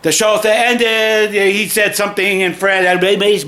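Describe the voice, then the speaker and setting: A man's voice: high-pitched, measured pace, few pauses, bright, forceful tone. A man telling a rambling, profane personal story, emphatic, with restarts and repetitions. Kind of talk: casual spoken anecdote.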